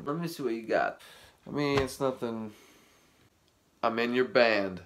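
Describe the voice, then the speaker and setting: A man's voice: lowish voice, lively intonation, normal speed, echoey room. Man bickering with himself in a comedy sketch. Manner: switching between bandmate characters, bickering. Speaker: comedian playing every band member.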